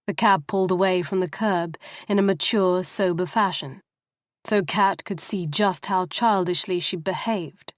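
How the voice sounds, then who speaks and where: A woman's voice: mid-range voice, no echo. Woman narrating a novel, dry and close. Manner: steady, even storytelling. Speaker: audiobook narrator.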